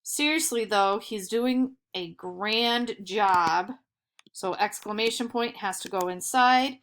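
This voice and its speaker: A young woman teaching sixth graders, slowly and carefully explaining quotation punctuation and reading example sentences aloud. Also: medium pitch, fairly bright tone. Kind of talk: screen-recorded grammar lesson.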